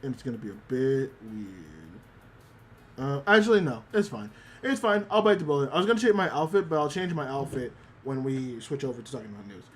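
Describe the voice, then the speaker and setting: A man's voice: medium pitch, lively intonation, brisk, a little hiss or hum. A man streaming live, chatting casually with his chat and retelling an anime episode, with many restarts and some swearing. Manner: talks to chat directly.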